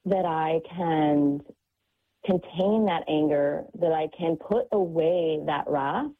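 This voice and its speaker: A woman's voice: sits low, takes it slowly. A woman speaking as a guest on a faith-based radio talk show, describing parenting in an earnest, reflective way with many fillers. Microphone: phone call. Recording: tinny phone line.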